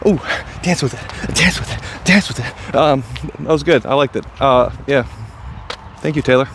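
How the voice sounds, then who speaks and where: A man vlogging his disc golf round outdoors, chatting casually and getting excited and self-deprecating over his throws. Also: medium pitch, normal speed, background noise. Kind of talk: casual play-by-play commentary.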